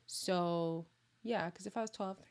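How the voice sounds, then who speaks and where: A woman vlogger in casual live chat with her viewers, chatty and animated, sometimes dropping to hushed asides. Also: on the low side, unhurried. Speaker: vlogger answering viewer comments.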